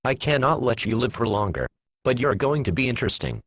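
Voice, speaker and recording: A man's voice: mid-range voice, a little fast, a bit bright, husky. A mocking changeling queen, as a man reads her. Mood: taunting. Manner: taunting, mocking. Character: cruel female insect-like changeling queen. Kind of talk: fan fiction reading.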